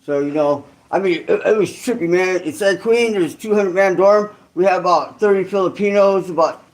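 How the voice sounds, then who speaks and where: A man who hosts his own channel, from Santa Clara, California, tells a story at a moderate pace in a voice that sits high. His monologue is rambling and slangy, with frequent restarts and asides.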